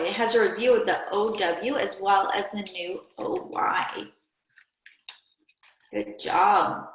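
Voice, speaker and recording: A woman teacher giving a recorded reading and spelling lesson to children, speaking clearly and patiently and asking them to pause and answer aloud. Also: medium pitch, a little hiss or hum. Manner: slow, clear, patient classroom delivery with prompts to pause. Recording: echoey room.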